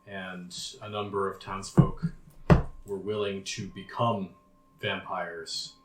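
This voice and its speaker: A man voicing a weary townswoman living in hell, who speaks in a grave, halting, subdued way. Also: low-pitched, level tone. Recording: roomy echo, faint noise.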